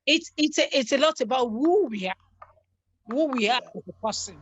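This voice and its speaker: A middle-aged woman telling stories from her family life in an earnest, animated way, repeating herself for emphasis. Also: high-pitched, moderate pace, slightly rough. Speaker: guest on a talk show. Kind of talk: earnest conversational storytelling.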